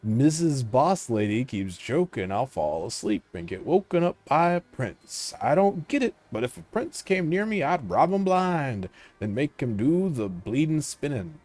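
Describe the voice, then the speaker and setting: A man's voice: mid-range voice, big pitch swings, measured pace, few pauses, a little mellow, pitched above the performer's own voice. A man voicing a cheeky twelve-year-old girl mill apprentice, chirpy and mischievous, with a put-on working-class accent. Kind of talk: reading game character text aloud.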